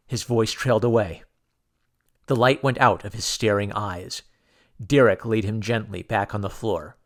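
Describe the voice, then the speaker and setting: A man reads a pulp adventure audiobook in the first person. His delivery is measured and dramatic, set at an ordinary middle pitch. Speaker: audiobook narrator. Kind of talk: scripted first-person narration.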